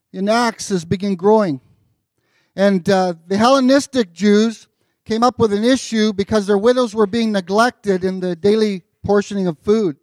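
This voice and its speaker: High-sitting and relaxed, this pastor's sermon reads and unpacks scripture conversationally, with fillers and jokey asides, captured as a dry, clean studio recording.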